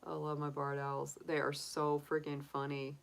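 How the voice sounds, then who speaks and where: Middle-aged woman, tarot reader, low-pitched, rambling chatty delivery. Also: completely flat delivery, moderate pace, creaky. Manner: chatty, rambling, many fillers. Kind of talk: casual livestream tarot reading.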